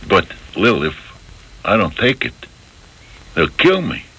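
An actor playing a wary male pickpocket, hesitant and halting, in radio drama style. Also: sits low, wildly swooping pitch, pushed and bright, husky, full character voice, low-quality recording. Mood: uneasy. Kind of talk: 1970s radio drama acting.

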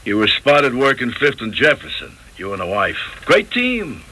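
An actor playing a slangy, smooth-talking male mob messenger in radio drama style. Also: medium pitch, wildly swooping pitch, moderate pace, bright, forceful tone, heavily acted, low-quality recording. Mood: sly. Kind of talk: 1970s radio drama acting.

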